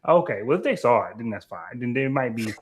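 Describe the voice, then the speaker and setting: A man's voice: medium pitch, lively intonation, fairly quick. A man on a live panel, giving his opinions hesitantly and often restarting his sentences. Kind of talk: casual live panel discussion.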